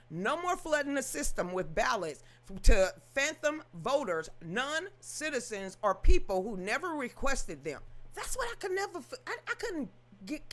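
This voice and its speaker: A woman's voice: a little high, fairly bright tone. A woman reading news aloud, then ranting about it in an emphatic, sassy, scolding way. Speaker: political commentary host.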